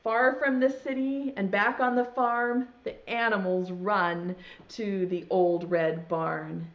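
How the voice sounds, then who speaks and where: A woman's voice: medium pitch, fairly even intonation, takes it slowly. A woman teaching preschool online, reading a storybook aloud in a sing-song voice and talking straight to young children. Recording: dull lo-fi sound.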